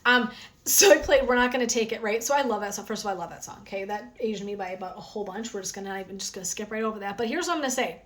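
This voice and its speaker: Racing along in a mid-range voice, a wellness coach chats casually and energetically on her phone live stream despite a sore throat from all the talking. She leans often on "um" and "right?".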